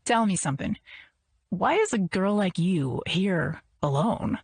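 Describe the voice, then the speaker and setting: A woman's voice: mid-range voice, animated, measured pace, gravelly, darkish tone, husky, dry recording, heavily acted. A woman voicing a pushy, overfamiliar man flirting at a party, in a smarmy tone.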